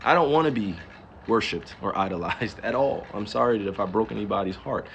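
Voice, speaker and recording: A man's voice: on the low side, expressive, fairly quick, creaky, a bit bright, a little hiss or hum. A man in his thirties from New Jersey, ranting on a live stream in casual talk. He fires off emphatic rhetorical questions, swears freely and laughs now and then. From New Jersey, US East Coast. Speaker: livestreamer.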